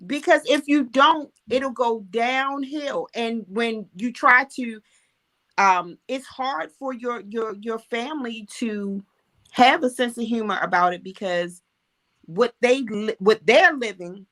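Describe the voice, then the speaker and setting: A woman's voice: a little high, takes it slowly, a bit bright. Earnest woman guest in casual chat. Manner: earnest, speaking from experience.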